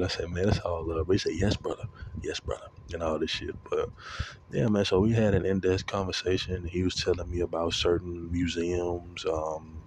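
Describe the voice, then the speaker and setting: Man, very low voice, rambling casual monologue, swears often, faint hum behind. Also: darkish tone. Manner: rambling, profane, heavy with fillers. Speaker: vlogger.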